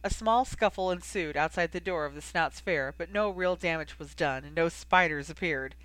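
A woman reading a fan fiction story aloud, giving the characters lively dialogue. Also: lowish voice, normal speed, no room sound. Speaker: audiobook reader. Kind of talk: fan fiction audiobook narration.

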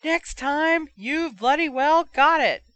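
A woman doing a hoarse young guy yelling from the stands. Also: very high-pitched, slow, dry recording, voice pushed up, full character voice. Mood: excited yelling. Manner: yelling, heated. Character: young man, excitable shouting fan.

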